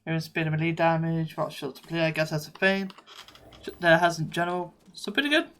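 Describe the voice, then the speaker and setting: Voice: medium pitch, brisk, fairly bright tone. Streamer muttering about game gear. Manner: muttering thoughts on gear aloud. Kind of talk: live game commentary.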